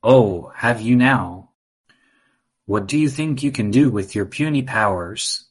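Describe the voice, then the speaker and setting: A man's voice: medium pitch, animated, measured pace, husky. A man voicing a sinister male wizard villain in a storybook, gloating and taunting.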